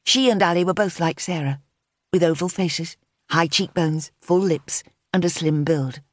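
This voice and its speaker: A woman narrating a contemporary novel as an audiobook in a measured, even-toned reading. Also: on the low side, dry recording, clean studio sound. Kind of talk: scripted narration.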